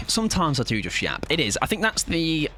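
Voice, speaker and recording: A man's voice: a little high, huge pitch swings, normal speed, bright, forceful tone, slight background noise. A young man streaming a game live, chatting to viewers in a playful, rambling, jokey way. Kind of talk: casual live-stream chat while gaming.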